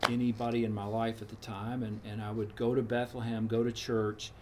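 A man's voice: on the low side, little pitch movement, brisk, a little hiss or hum. A man in his sixties telling a frank personal story in a casual, meandering, reflective way. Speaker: storyteller recounting his path to meditation.

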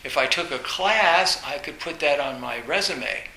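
A man giving a Zen dharma talk, telling personal stories in a halting way, restarting words and laughing now and then. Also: fairly high pitch, expressive, sharp tone. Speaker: Zen teacher. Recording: echoey room with faint hiss.

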